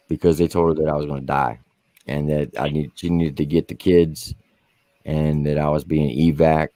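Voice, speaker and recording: A man with an extremely deep, low voice, recorded close and dry with no room sound. He tells war stories in a casual, profane, vivid way, like a veteran guest on a podcast. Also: warm tone, dry recording. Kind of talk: casual storytelling.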